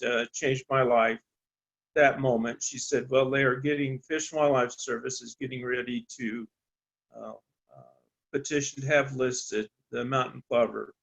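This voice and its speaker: A man from eastern Colorado, a rancher, telling a story in a halting, folksy way with many ums and restarts. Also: mid-range voice, gravelly, a bit bright, rough recording. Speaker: rancher on a landowner panel. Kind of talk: storytelling on a panel talk.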